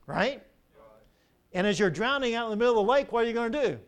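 An older man, a pastor, preaching a sermon with animated storytelling and rhetorical questions. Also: very high voice, fast.

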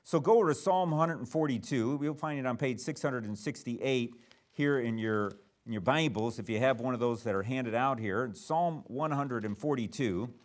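A man's voice: medium pitch, moderate pace. A man preaching a sermon in a church, earnest and emphatic, with frequent restarts and fillers.

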